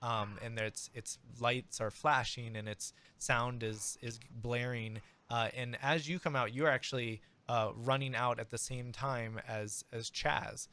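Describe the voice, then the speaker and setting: A man narrating as game master in a halting, casual way. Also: medium pitch, fairly even intonation, bright, forceful tone, clean tone. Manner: halting, many fillers and restarts.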